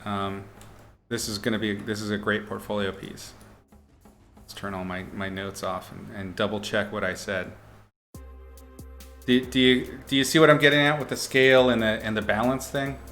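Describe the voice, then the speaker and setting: A man's voice: fairly low pitch, steady tone, moderate pace, a bit bright, soft background music. A man teaching art on a livestream, giving casual critiques in a playful, upbeat way with mock-brutal jokes. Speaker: art instructor streaming.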